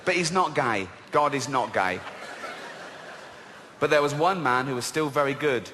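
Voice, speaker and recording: A man's voice: mid-range voice, measured pace, pauses often, background noise. A man doing stand-up comedy in a mocking, sarcastic and crude way, swearing freely. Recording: live hall with audience laughter.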